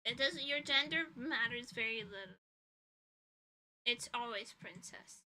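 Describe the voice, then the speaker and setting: Fairly high in pitch with lively intonation, this woman keeps a measured pace and a pushed, bright sound; the audio is poor. A vtuber streamer and illustrator, she chats casually from her room at home, rambling with laughs and swearing while tired and nasally congested.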